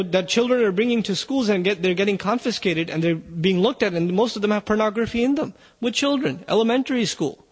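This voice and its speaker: A man with a high voice preaches with urgent emphasis, pressing his listeners. His sermon rings out with the long reverb of a hall. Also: slightly rough.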